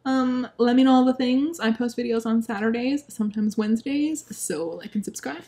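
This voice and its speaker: Young woman book vlogger, exasperated rant, lots of "like", slightly high voice. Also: moderate pace. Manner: exasperated, animated, heavy use of "like", laughs often. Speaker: book reviewer. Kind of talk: casual ranting book review.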